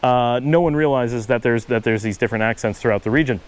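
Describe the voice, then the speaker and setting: A man's voice: medium pitch, fast, rough recording. A middle-aged man from Western New York with a Buffalo accent, talking casually and patiently, with asides and self-corrections. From Western New York, USA. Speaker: channel host. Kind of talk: casual explanatory monologue.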